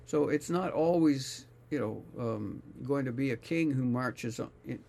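A man's voice: medium pitch, a little slow, creaky, a little mellow. A man reading scripture aloud and musing on it casually, often searching for words. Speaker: scripture reader and commentator.

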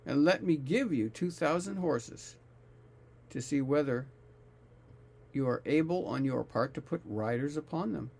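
A man reading aloud the taunting speech of a boastful male royal envoy, declaiming loudly and slowly. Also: on the high side, gravelly, breathy edge, exaggerated voice.

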